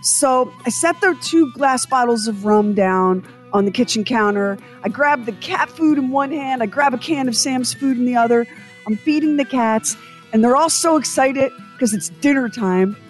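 Over soft background music, a woman co-hosting a radio show speaks at normal speed in a rather high voice. She chats casually through a story, acting out quotes and sounds as an animated storyteller.

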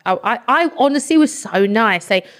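A woman's voice: fairly high pitch, normal speed. Chatty woman telling a story. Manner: animated anecdote-telling with frequent swearing. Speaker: talent manager, podcast guest. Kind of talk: casual chat, storytelling.

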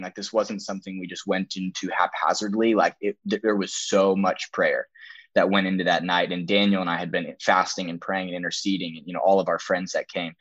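Low-pitched and a bit bright, a young man speaks as a podcast guest, telling his story as testimony with earnest emphasis. He performs the quoted dialogue himself, and the recording sounds dull and lo-fi.

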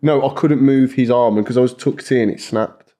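Young man, podcast guest, casual crude banter, laughs a lot, middle pitch. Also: normal speed, mellow.

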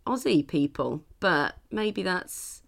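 A woman's voice: fairly low pitch, animated, takes it slowly, vocal fry. A woman with a South London accent, co-hosting a podcast in a chatty, jokey, self-mocking way. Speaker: podcast co-host. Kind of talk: casual chat.

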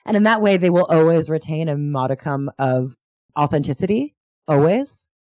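A woman chatting casually as a podcast guest, animated and full of fillers. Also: low voice, normal speed, no echo. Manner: animated, lots of "like" fillers, bursts of excitement. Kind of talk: casual chat.

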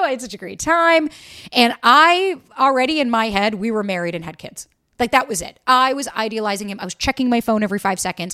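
Candid, profane young woman telling a story. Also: mid-range voice. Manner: candid, profane, acts out quotes in lively put-on voices. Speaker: podcast host. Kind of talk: casual storytelling monologue.

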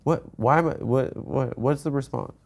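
A man's voice: mid-range voice, moderate pace, creaky. A man in his thirties co-hosting a comedy podcast, needling and ironic in casual chat. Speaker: podcast co-host.

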